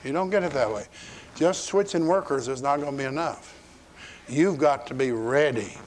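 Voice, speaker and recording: A man's voice: mid-range voice, moderate pace, a little hiss or hum. A man preaching a sermon in a folksy, conversational way, acting out scripture in his own words. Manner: folksy, acts out biblical quotes in paraphrase. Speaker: pastor. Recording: 1980s archival sermon tape.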